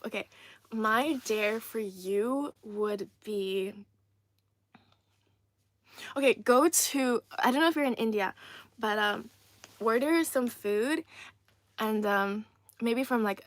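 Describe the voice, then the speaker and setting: A woman's voice: a little high, dry recording. A young woman chatting casually on a livestream, reading viewers' comments aloud with frequent giggles. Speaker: streamer reading live chat.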